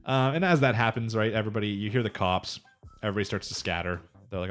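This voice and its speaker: A man's voice: fairly low pitch, fast, fairly bright tone. A man co-hosting a podcast, casually retelling an anime episode and acting out the characters' lines, with plenty of swearing and laughter. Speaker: podcast co-host. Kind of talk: casual anime recap chat.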